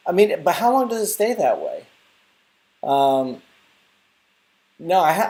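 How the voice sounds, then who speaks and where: A man's voice: high voice, big pitch swings, moderate pace, a little mellow. A young adult man hosting a casual live stream, rambling and chatting through viewer comments. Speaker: live stream host and app developer.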